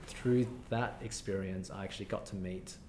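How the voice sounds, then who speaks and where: A man's voice: low-pitched, fairly even intonation, moderate pace, a little mellow, echoey room, slight background noise. A man with an Australian accent, chatting as an interview guest in a rambling way with many fillers and restarts. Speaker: guest architect. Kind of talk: casual interview talk.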